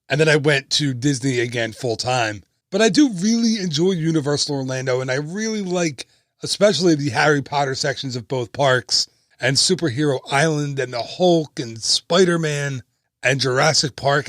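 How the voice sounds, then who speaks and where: A man's voice: on the high side, a bit bright, no room sound, clean studio sound. A man in his thirties hosting a casual travel podcast, upbeat and chatty with joking asides. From United States. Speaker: podcast host and travel agent.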